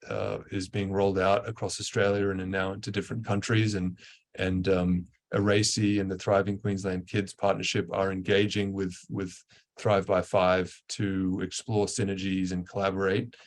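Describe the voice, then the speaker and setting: A man's voice: deep voice, flat delivery, moderate pace. A man giving a webinar presentation, talking earnestly with frequent fillers and restarts. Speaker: guest presenter.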